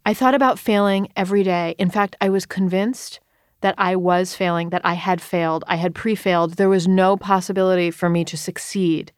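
A woman in her thirties, an author, talking candidly in an interview, earnest and quick with frequent restarts. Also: lowish voice, steady tone, smooth, no room sound, studio quality. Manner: earnest, rushed, many restarts and quoted self-talk.

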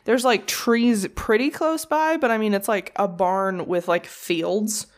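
Give me an animated woman telling a true crime story, swearing freely and casually. Her pitch sits in a middle range, and she talks like she's chatting with a friend. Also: a little slow. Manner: profane, animated storyteller with mocking quoted voices.

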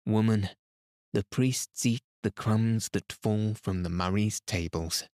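A man reading the lines of a blunt, sharp-tongued old woman in a storybook, with tart, cutting remarks. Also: on the low side, steady tone, slow pace, no echo, clean studio sound. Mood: scornful.

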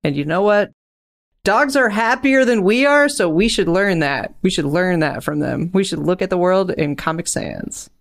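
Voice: medium pitch, moderate pace, vocal fry, hardly any pauses. A young adult co-hosting a podcast, talking in a casual chat that runs into enthusiastic, rambling tangents. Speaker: podcast co-host.

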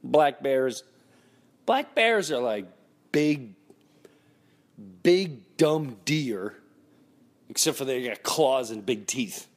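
A man's voice: medium pitch, animated, very slow, pauses often. A man hosting his own podcast, telling rambling stories casually and often restarting his sentences. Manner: rambling storyteller, restarts and acts out quotes. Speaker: podcast host. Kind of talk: casual solo podcast monologue.

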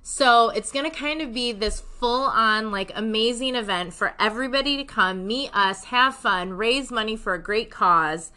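Bright-voiced chatty woman podcast co-host. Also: a little high, moderate pace, hardly any pauses, clean tone. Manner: upbeat, chatty promo talk with fillers. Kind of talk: casual podcast chat.

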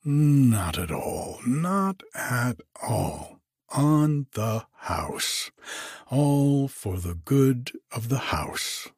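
A man reading aloud and voicing a hunted, evasive innkeeper who talks slowly and repeats himself. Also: medium pitch, very animated, dry recording, clean studio sound, heavily acted. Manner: slow, hesitant and repetitive.

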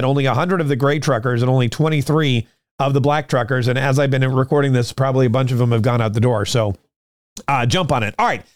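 A man's voice: mid-range voice, no echo, studio quality. A man hosting a podcast, talking casually and rambling with many restarts as he plugs merchandise and discusses politics. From United States. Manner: rambling, conversational, frequent restarts. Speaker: podcast host.

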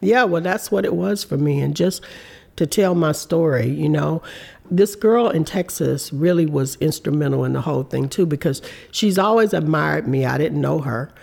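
Earnest woman in her fifties, gravelly edge. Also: sits low, normal speed. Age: 50s. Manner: warm, earnest storytelling with reported speech. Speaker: interview guest. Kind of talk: candid conversational interview.

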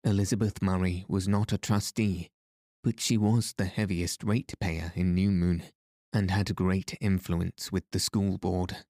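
A man narrating a novel as an audiobook in a measured, even reading voice. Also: low-pitched, dry recording, clean studio sound. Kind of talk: scripted narration.

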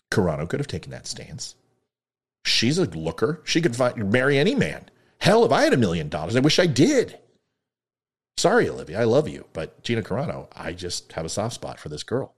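A man giving an opinion commentary monologue, sarcastic and ranting, swinging between loud lines and muttered asides. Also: mid-range voice, slightly rough. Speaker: online commentator.

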